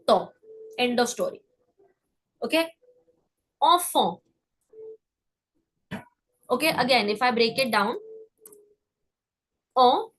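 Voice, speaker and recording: A woman giving a live online French class, breaking words down and repeating them slowly, often checking in with "okay?". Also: fairly high pitch, a bit bright, rough recording. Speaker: French teacher.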